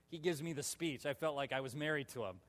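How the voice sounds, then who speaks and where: A male pastor telling a personal story in a sermon, animated and laughing, with sudden loud shouts. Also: fairly high pitch, moderate pace. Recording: long reverb of a large hall.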